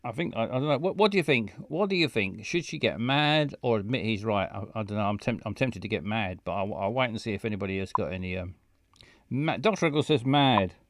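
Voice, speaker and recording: A man's voice: lowish voice, lively intonation, brisk, dry recording. A man rambling and stumbling through casual live game stream commentary on a close mic. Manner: rambling, stumbling, self-mocking.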